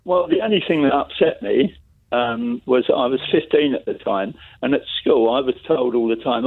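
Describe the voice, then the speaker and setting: A man's voice: mid-range voice, animated, moderate pace, dry recording. A man in his sixties calling a radio show, rambling and stumbling over his words. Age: 60s. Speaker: caller. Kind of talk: phone-in call. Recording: tinny phone line.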